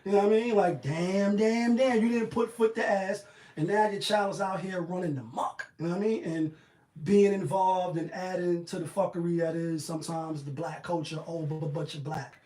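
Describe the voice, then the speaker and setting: A man giving casual commentary on the news in a slangy, animated, riffing manner. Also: on the high side, a little fast, roomy sound.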